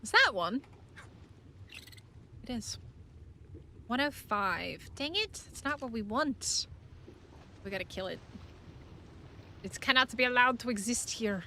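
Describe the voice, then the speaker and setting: A woman's voice: on the high side, big pitch swings, slow, pauses often, bright, forceful tone, a little hiss or hum. A woman streaming a survival game, giving casual commentary and playfully chatting to creatures and viewers.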